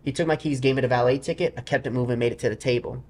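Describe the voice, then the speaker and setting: Man, interview guest, casual storytelling, rambling asides, mid pitch. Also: steady tone, very fast, darkish tone, slight background noise. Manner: loose, rambling anecdotes full of asides. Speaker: professional gambler guest.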